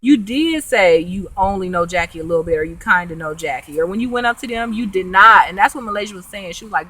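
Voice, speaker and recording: A young woman casually recapping a reality show episode, animated and gossipy, with quick asides. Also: on the low side, low-quality recording. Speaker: vlogger reviewing a reality show.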